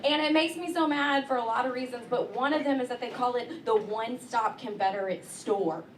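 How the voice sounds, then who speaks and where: A woman's voice: a little high, a little fast, a crowd in the background. A young woman from rural Texas with a Southern accent, doing a wry, self-deprecating stand-up comedy set on stage. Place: comedy venue with a live audience. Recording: distant, roomy club recording with audience laughter.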